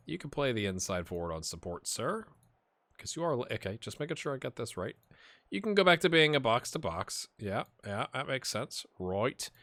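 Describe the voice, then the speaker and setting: A man hosting a gaming channel, casually commenting while he plays, chatty and rambling, with laughs and sudden excited outbursts. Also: medium pitch, no room sound. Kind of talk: casual commentary while playing a football management game.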